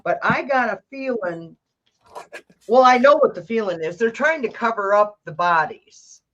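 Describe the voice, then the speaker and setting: A woman's voice: a little high, lively intonation, moderate pace, a bit bright. A woman psychic hosting a tarot livestream, ranting bluntly and rambling with restarts. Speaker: psychic tarot reader, stream host. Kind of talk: casual livestream chat. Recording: dull lo-fi stream audio.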